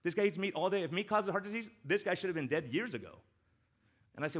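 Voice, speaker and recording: A doctor speaks to a men's breakfast in a church hall, clicking through slides with a relaxed, humorous delivery. His voice sits high and he moves fast, shifting between loud enthusiasm and quiet, emotional moments.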